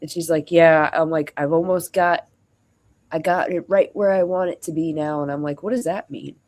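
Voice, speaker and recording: A streamer tells a long personal story in a loose, rambling way, full of "like" and "you know." The voice sits at an ordinary mid pitch and jumps between narration and acted-out quotes of both sides of the exchange. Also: fairly even intonation, moderate pace, darkish tone. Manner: rambling, acts out quoted dialogue, frequent fillers. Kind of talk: venting casual storytelling.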